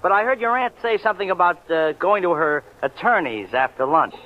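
An actor playing a polite, deferential young office clerk, in 1940s radio acting. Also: male voice, high voice, expressive, a little fast, a little hiss or hum. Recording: phone-like old radio recording.

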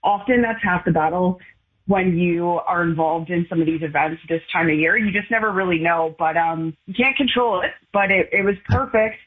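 A woman's voice: on the low side, moderate pace. A woman guest on a golf radio show, telling a story in a chatty, casual way. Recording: tinny phone line, husky.

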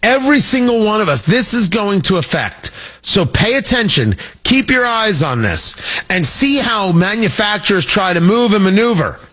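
A middle-aged man hosting a talk radio show, animated and jokey, wandering off on tangents. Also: high voice, normal speed. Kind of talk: opinionated talk radio monologue.

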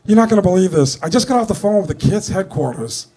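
A man doing an impression of an excited male radio show producer who rushes his words and swears. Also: high voice, husky, exaggerated voice.

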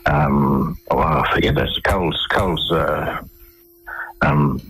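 A man's voice: rumbling low, takes it slowly, vocal fry, fairly bright tone, slightly rough, low-quality recording. An Australian man talking as a radio interview guest, telling his stories in a rambling way with many fillers and restarts. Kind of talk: conversational storytelling.

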